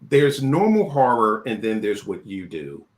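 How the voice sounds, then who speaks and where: A man's voice: lowish voice, big pitch swings, unhurried. A man hosting a film interview, chatting casually and telling stories, often repeating words as he starts a sentence. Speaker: interview host.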